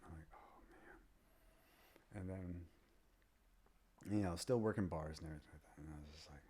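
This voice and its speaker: This interview guest, a fifty-something MMA fighter and trainer, has an extremely low, warm, husky voice and talks in rapid-fire fashion. His stories ramble casually, and he frequently sinks to a near-whisper when quoting others.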